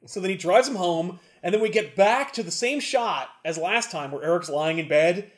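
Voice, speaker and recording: A man's voice: high voice, normal speed, few pauses. A man co-hosting a casual podcast, animatedly retelling a comic and acting out the characters. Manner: animated storyteller who acts out characters. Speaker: podcast co-host recapping a comic. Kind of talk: casual chat.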